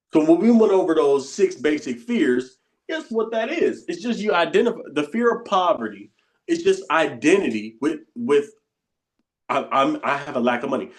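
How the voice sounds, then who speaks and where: A coach with a voice on the high side teaches a bootcamp session informally and conversationally. He often repeats phrases and acts out inner voices under his breath.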